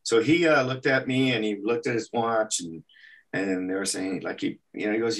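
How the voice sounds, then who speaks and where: Low gravelly voiced guy from el paso telling a story in an interview, sounds a bit far from the mic. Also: normal speed. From El Paso, Texas. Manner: animated storyteller, acts out quotes. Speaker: animation artist, interview guest. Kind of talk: anecdotal storytelling.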